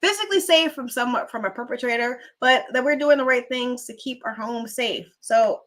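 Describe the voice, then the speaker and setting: A woman hosts a relaxed livestream and talks in a loose, chatty way. She drifts from one story to the next and pauses to read out and thank viewers for their comments. Her voice has a bright, forward edge. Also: fairly high pitch. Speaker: livestream host. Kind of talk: casual livestream chat.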